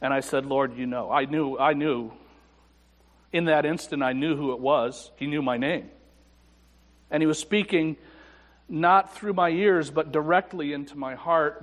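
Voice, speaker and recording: A man preaching a sermon as a pastor, telling a personal story with dry humor and soft, reflective passages. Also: a little high, unhurried. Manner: personal storytelling with self-deprecating humor and hushed reflective moments. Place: church sanctuary. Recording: church sanctuary with long reverb.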